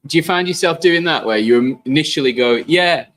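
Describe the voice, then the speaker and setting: A man's voice: medium pitch, expressive, brisk, fairly bright tone, a little hiss or hum. A man in a casual chat, easygoing and often calling his friend "mate".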